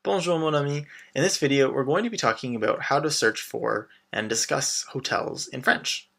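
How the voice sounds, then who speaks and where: A man's voice: medium pitch, normal speed, vocal fry, sharp tone. A man teaching a beginner language lesson, patient and encouraging, with lots of short prompts and repetition. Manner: patient, encouraging, switches between English and French phrases. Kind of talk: scripted lesson narration.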